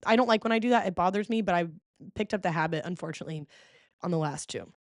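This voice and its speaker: A woman hosting a podcast in casual chat, telling stories expressively, full of "okay?" and "like", with sudden jumps in pitch. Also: quick pace, no echo, studio quality. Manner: frequent fillers like "okay?" and "like". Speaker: podcast host.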